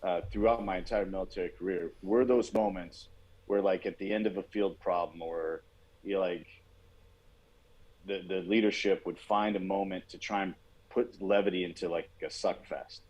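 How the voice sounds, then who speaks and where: A man's voice: deep voice, fairly even intonation, normal speed, a little mellow, muffled recording. A man co-hosting a podcast, talking in a reflective, rambling way about military life. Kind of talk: casual podcast chat.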